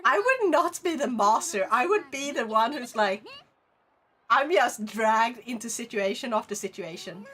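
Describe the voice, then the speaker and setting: A Swedish-accented woman streamer talks casually with her chat, reading comments out and laughing easily. Her voice sits a little high and swings up and down with lively, animated pitch. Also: a little slow. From Sweden. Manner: giggly, chatty, laughs often.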